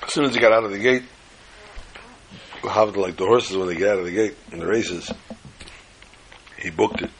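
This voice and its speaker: A man's voice: lowish voice, steady tone, normal speed, pauses often, a little hiss or hum, rough recording. A man dramatically telling a religious story, building it with repetition.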